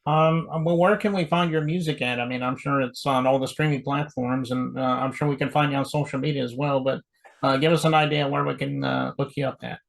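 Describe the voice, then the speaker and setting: A man hosting an interview show, asking questions in a halting way with many uhs. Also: mid-range voice, steady tone, creaky, poor audio. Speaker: show host. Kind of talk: casual interview.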